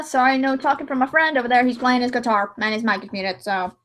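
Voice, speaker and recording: A high-pitched young woman livestreaming as she edits. Her talk is loose and chatty, full of giggles and asides to herself. She muses out loud between tasks. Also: steady tone, fast talker. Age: young adult. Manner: chatty, giggly self-talk with frequent laughs. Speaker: livestreamer editing a dramatic reading. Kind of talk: casual chat while editing.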